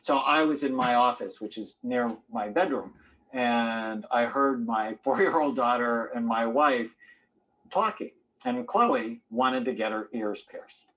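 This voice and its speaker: A man's voice: mid-range voice, animated, measured pace. Guy doing a self-help talk, tells stories and does the voices, kinda muffled lo-fi sound. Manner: storytelling, acting out quotes in varied voices. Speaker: doctor.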